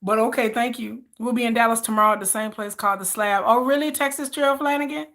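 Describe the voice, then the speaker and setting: A woman's voice: a little high, steady tone, fast, fairly bright tone. A woman vlogger chatting casually on a livestream, rambling and repeating herself as she answers viewer comments.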